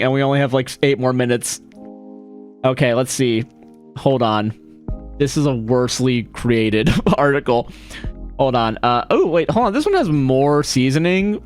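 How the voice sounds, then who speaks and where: A man chatting casually on a live stream, rambling and correcting himself, often apologizing and laughing. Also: mid-range voice.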